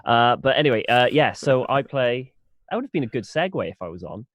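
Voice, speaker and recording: Tired man, lively up-and-down voice. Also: mid-range voice, fast, no room sound. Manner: self-deprecating, rambling with restarts. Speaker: player. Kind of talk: casual chat before a tabletop game.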